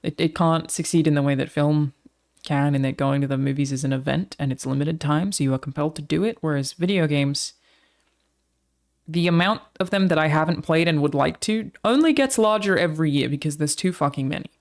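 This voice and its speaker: Australian woman streamer with a creaky, gravelly voice; chatty and swears freely. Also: sits low, fairly quick, a little mellow. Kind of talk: casual chat to a live stream audience.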